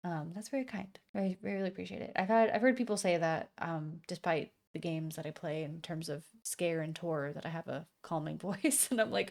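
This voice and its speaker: A woman's voice: on the low side, moderate pace. A woman streaming a video game, chatting casually and bursting into panicked repeated exclamations. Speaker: gaming streamer. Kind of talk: casual live-stream commentary. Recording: game music playing under voice. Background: video game music.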